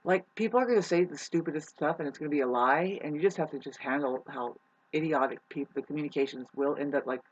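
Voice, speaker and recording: A casual vlogger rambling to the camera, voice sitting at a middling pitch. The talk meanders and circles back with frequent restarts and offhand swearing. The audio is a bit dull and lo-fi. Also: quick pace, husky. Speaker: astrology vlogger. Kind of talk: casual rambling monologue to viewers.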